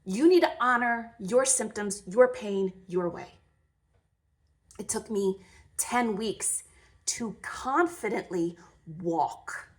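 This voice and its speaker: A woman's voice: mid-range voice, slow pace. A woman in her thirties telling her story in a storytime vlog, candid, emotional and blunt, with mild swearing. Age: 30s. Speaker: vlogger.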